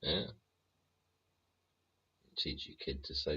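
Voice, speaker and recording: A British show host rants profanely and rambles through livestream commentary, talking back to his chat. His voice sits low and is pushed and bright with a breathy edge, delivered slowly on a muffled recording.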